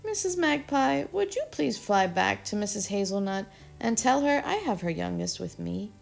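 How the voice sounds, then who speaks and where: A woman voicing a kind, hurried male squirrel who speaks briskly and warmly. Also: medium pitch, very animated, gravelly, faint music behind. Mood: kindly.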